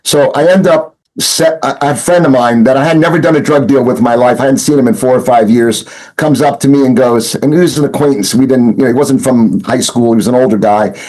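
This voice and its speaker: Guy rambling through a story in an interview, lots of you-knows and restarts, middle pitch. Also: a little fast, hardly any pauses, a little mellow, rough recording. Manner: rambling, full of fillers and restarts, acts out quotes. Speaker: interview guest, former smuggler turned informant.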